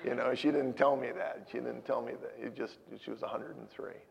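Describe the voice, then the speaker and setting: A man preaching a sermon, telling stories and moving from loud urging to hushed asides. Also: mid-range voice, fairly even intonation, a little fast, gravelly, dull audio. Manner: storytelling, swinging from loud exhortation to hushed asides. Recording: hall with long reverb.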